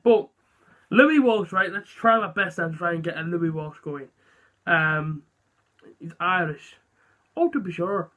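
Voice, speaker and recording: A young man chatting casually to camera, rambling and self-deprecating with lots of fillers. His voice is high and bright. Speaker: vlogger. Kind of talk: casual vlog chat.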